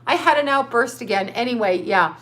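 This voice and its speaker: A woman's voice: on the high side, expressive, a little fast, a bit bright. A middle-aged woman hosting a casual livestream as a psychic, rambling through viewer comments and breaking into profane outbursts. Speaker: livestream host.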